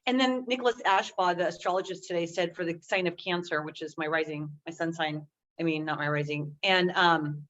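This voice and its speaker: A woman's voice: fairly low pitch, a little fast, a bit bright. A woman checking in on a casual video call, enthusiastic and rambling with many fillers. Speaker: group member on a call. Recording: dull lo-fi call audio with faint noise.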